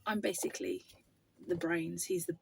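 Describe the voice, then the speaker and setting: A woman's voice: lowish voice, very animated, moderate pace, gravelly, a little hiss or hum. A woman, co-hosting a casual chat in a van, teasing and dry. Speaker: co-host, business partner. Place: inside a van.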